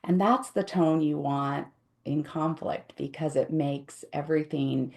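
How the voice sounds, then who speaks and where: A middle-aged woman with a low voice and a gravelly edge. She explains things patiently in casual interview talk. She briefly acts out the inner voices she quotes. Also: steady tone, unhurried, darkish tone. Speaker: guest conflict resolution expert.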